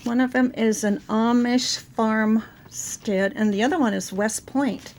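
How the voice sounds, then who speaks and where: A middle-aged woman with a raspy voice from a sore throat, chatting casually through her craft project with many fillers. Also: a little high, steady tone, unhurried, darkish tone. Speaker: crafting channel host. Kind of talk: casual show-and-tell craft video.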